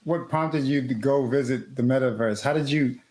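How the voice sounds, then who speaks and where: A man's voice: medium pitch, a little mellow. Inquisitive man in an echoey room. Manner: inquisitive, quick follow-up questions. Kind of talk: asking questions.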